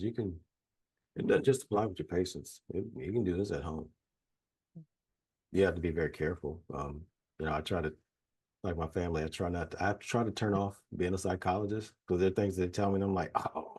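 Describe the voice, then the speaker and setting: A man's voice: sits low, fairly even intonation, brisk, darkish tone, husky. A man from Louisiana with a Southern accent, a psychologist giving a folksy, chatty training talk over a video call. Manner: folksy, chatty, self-deprecating humor. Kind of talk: casual webinar lecture.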